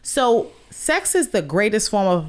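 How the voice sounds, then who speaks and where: A woman's voice: mid-range voice, sing-song, a little slow. A woman lays out relationship advice in plain, crude terms. She talks like a coach in a casual podcast chat. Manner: explains like a coach, crude and frank.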